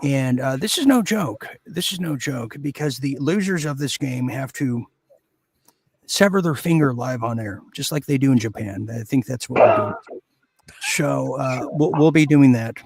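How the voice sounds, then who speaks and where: A man hosting a mock quiz show, joking in a hammy, deadpan way with lots of fillers and pauses. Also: medium pitch, slightly rough. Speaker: game show host.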